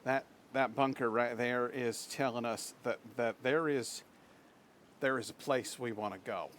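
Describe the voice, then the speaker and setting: A man's voice: mid-range voice, measured pace, a little hiss or hum. A man streaming from home, chatting casually with his viewers. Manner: chatty, swings into excited baby talk with his dog. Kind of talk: casual live-stream chat.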